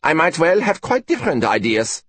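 A man's voice: on the high side, big pitch swings, moderate pace, breathy edge, dry recording, pitched above the performer's own voice, heavily acted. A man doing a pompous old German professor. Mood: haughty. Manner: stiff, pompous, sharp. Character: fussy formal older male German professor. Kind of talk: audiobook character reading.

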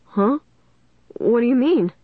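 A woman's voice: fairly high pitch, expressive, slow pace, husky, dry recording, narrow, tinny audio, voice pushed up, exaggerated voice. A woman reading an audiobook, voicing an embarrassed teenage boy who speaks weakly and uncertainly. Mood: flustered. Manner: uncertain, weak.

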